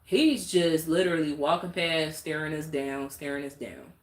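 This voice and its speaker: Speaking at an ordinary pace in a low register, a woman vents to her stream viewers with blunt, exasperated rambling. The casual rant echoes around a roomy space.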